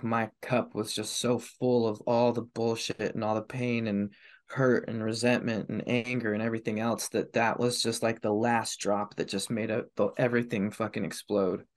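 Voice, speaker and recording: A man's voice: lowish voice, flat delivery, normal speed. A man in his thirties telling his personal story as a podcast guest, candid and confessional, swearing heavily. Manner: heavy swearing, raw and confessional.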